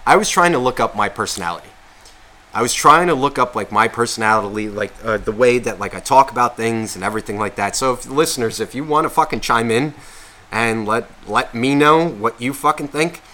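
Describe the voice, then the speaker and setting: Bright-voiced, rambling, foul-mouthed man. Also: mid-range voice, fairly quick. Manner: rambling, swears constantly, restarts and questions himself; grows loud and heated when worked up. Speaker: podcast co-host. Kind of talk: casual podcast chat.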